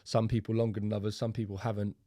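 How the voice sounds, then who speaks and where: Brief: young London-accented man, podcast host, low-pitched, dry close sound, loose and sweary. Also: flat delivery, fast talker, mellow, dry recording. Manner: blunt, swears freely, loose and chatty. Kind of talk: casual podcast chat.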